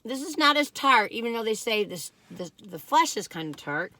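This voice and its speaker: A vlogger in her sixties rambles casually through a food review, poking fun at herself. Her once-squeakier voice, now mellowed, swings widely in pitch at a moderate pace and sounds pushed and bright.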